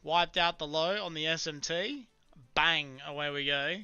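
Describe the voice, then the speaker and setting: A man's voice: on the high side, unhurried, bright, forceful tone, clear, resonant tone, dry recording, lo-fi sound, faint music behind. A man chatting casually through a live trading stream, muttering to himself about his charts. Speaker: live-streaming futures trader.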